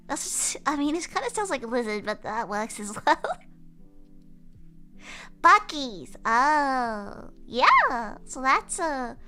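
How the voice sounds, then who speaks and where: A bubbly, giggly woman streamer chatting on a livestream, her voice high and bright. She sounds smooth and clear, with faint music underneath. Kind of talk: livestream chat explaining slang.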